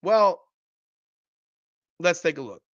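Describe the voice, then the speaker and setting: A man's voice: a little high, expressive, slow, fairly bright tone, no echo, muffled recording. A man hosting a podcast, giving heated, profane sports commentary over game footage and repeating himself in disbelief. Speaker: podcast host.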